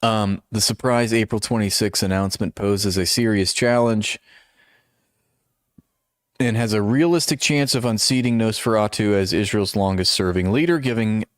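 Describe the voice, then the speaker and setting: A man with a fairly low voice hosts a live stream, reading articles aloud and breaking off into mocking, sarcastic asides. His voice sounds close and dry, with no room echo. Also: normal speed. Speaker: political commentary streamer.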